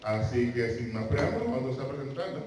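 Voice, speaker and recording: A man's voice: mid-range voice, animated, fast, a little mellow, a little hiss or hum. A man hosting a convention panel, upbeat and switching between Spanish and English. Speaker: panel host. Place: large convention hall. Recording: echoey hall, far mic, crowd.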